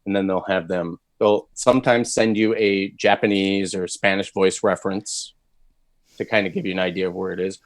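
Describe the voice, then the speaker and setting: A man's voice: low voice, fairly even intonation, normal speed, no room sound. A man, a voice actor, chatting candidly and with self-deprecating humor as an interview guest. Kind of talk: casual interview chat.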